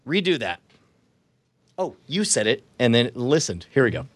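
A man hosting a podcast, chatting casually and excitedly while he tries out a dictation app. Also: mid-range voice, normal speed, dry recording. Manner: excitable, animated, laughs often. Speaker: podcast host testing an app. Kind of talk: casual chat, dictating test sentences.

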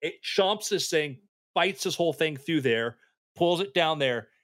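A man with a slightly higher voice tells stories in a loose, casual chat. He is animated and slips into the voices of the people he describes. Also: unhurried.

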